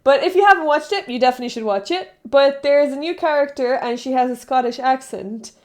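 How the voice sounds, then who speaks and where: A woman live streamer chats casually with her viewers, rambling and often cutting herself off mid-thought. Her voice is high, brisk, and a little mellow.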